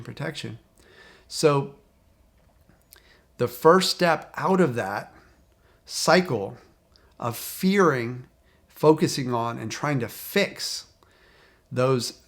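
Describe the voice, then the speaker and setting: A man speaking as a recovery coach, talking straight to the viewer in a calm, repetitive, encouraging way. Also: mid-range voice. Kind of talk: direct-to-camera coaching talk.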